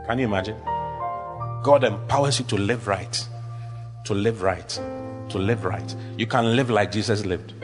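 A man's voice: on the low side, normal speed, pauses often, music in the background. A man preaching a sermon with emphatic, repetitive declarations, leading the congregation in call-and-response.

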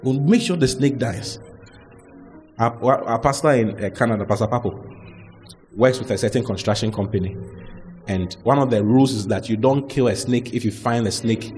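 A man preaching a lively sermon, mixing humor and acted-out quotes. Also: medium pitch, normal speed, in a large hall, faint music behind. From Ghana. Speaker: pastor.

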